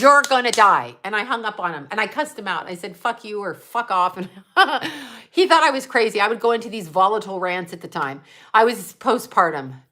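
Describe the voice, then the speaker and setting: A middle-aged woman tells a personal story on her psychic livestream, talking straight to her viewers. Her voice is bright and clear. She rambles from one point to the next, and her telling carries strong feeling. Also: fairly high pitch. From United States. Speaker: psychic medium livestream host.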